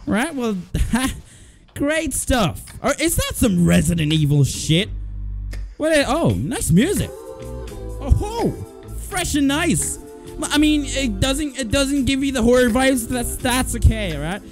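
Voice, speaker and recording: A young man calls out a horror game as he plays it, loud and joking, with swearing and frequent laughter. His high voice jumps all over the place, and faint game music runs underneath. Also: very animated, slow. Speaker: gaming video host. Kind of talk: let's play commentary.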